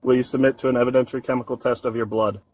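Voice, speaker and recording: A male sheriff's deputy reading forms and warrants to a detainee in a calm, procedural way. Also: mid-range voice, racing, low-quality recording. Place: roadside stop and hospital room.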